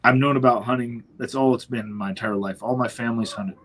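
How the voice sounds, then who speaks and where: A medium-pitched man talks quickly on a rough recording, hosting a casual podcast where he tells hunting stories. He's from northwestern Ontario, Canada, and brings the tales to life by acting out the voices of those he quotes.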